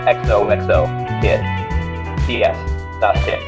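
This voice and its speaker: A man's voice: on the low side, a little slow, over loud music, natural voice. A man voicing a crude, wisecracking male adventurer from the city, reading out his letter in a wry, teasing way that swears freely.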